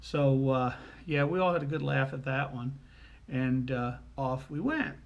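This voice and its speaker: A man telling family anecdotes in a casual, folksy way, with frequent pauses and fillers. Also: medium pitch, expressive, gravelly, muffled recording. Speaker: storyteller.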